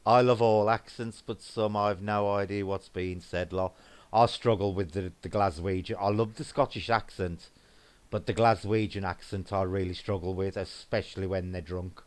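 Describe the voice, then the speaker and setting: A man with a broad Black Country accent and a lowish voice chats casually on a livestream. He rambles, restarts his sentences and reads out viewer comments as he goes. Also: steady tone, normal speed. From English Midlands. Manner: chatty and rambling, frequent restarts. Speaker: co-host of a paranormal livestream. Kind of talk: casual chat, reading viewer comments aloud.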